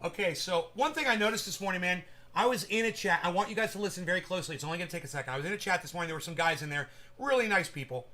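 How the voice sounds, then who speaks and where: A man's voice: high voice, racing, hardly any pauses, bright, forceful tone. A man hosting a casual livestream, rambling and swearing as he talks straight to viewers in chat. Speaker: livestream host.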